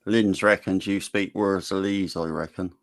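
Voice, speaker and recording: Man, lowish voice, relaxed, dry teasing, casual stream chat. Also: measured pace, no echo. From not from Cornwall.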